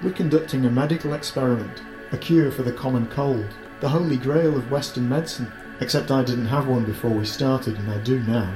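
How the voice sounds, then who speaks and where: A wry young medical student who jokes in a dry, deadpan way, talking quick and a little higher and quieter, as a male narrator reads him. Soft music plays underneath. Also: close to an everyday voice, poor audio.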